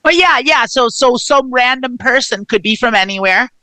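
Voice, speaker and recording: Young adult female co-host, high and bright, giggly comedic riffing. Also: animated, moderate pace. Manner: giggly, riffing on absurd ideas. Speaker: podcast co-host. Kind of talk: casual comedic chat.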